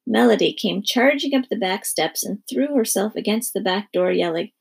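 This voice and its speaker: A woman narrating a children's storybook in a lively storytelling manner. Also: medium pitch, normal speed, gravelly, few pauses, husky.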